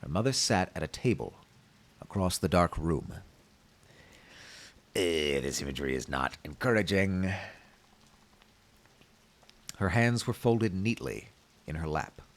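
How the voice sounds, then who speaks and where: A man streaming, reading a game's story aloud with measured, wry asides. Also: deep voice, animated. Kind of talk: reading a game aloud with commentary.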